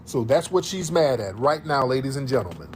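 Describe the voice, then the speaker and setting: A man's voice: mid-range voice, very animated, a little fast, slight background noise. A man from the United States hosting a livestream, ranting in heated, profane reaction commentary and repeating his points for emphasis. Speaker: livestream host.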